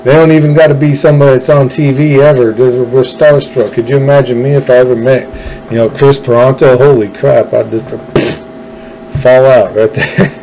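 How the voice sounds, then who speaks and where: A man's voice: medium pitch, steady tone, normal speed, warm tone, rough recording. A man delivering an opinionated political monologue, ranting emphatically and repeating phrases for effect. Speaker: political podcast host.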